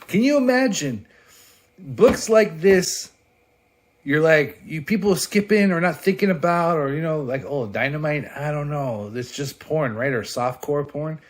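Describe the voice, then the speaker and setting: A man casually reviewing a comic book on his vlog, excitable and profane, laughing often as he flips through pages. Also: a little high, measured pace.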